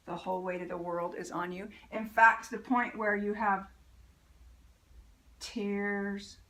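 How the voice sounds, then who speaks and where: A woman's voice: mid-range voice, sharp tone. A middle-aged woman giving an upbeat motivational lesson as a life coach, acting out feelings in little quoted asides. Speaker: life coach teaching a mentoring program.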